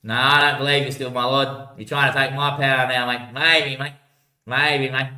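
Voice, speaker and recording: A man's voice: mid-range voice, fairly even intonation, normal speed, sharp tone. A man rambling in casual livestream chat, slangy and swearing often, calling everyone mate, recorded on a laptop mic at home. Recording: echoey room.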